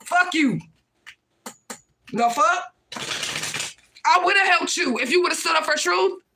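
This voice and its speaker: A woman hosts a livestream in a heated, profane rant, confronting people and calling out to her viewers. Her voice sits high and carries a bright, sharp edge. She circles back to the same points again and again. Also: expressive, slow, vocal fry, a little hiss or hum. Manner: profane, confrontational, repeats herself, addresses viewers as y'all. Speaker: livestream host.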